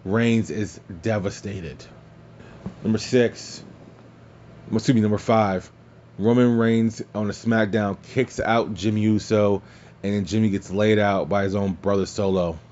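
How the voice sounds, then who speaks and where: Excitable man recapping wrestling, low voice. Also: measured pace, lo-fi sound, slight background noise. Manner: excitable, swears freely, laughs at own slips. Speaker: podcast host. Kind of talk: casual wrestling recap and commentary.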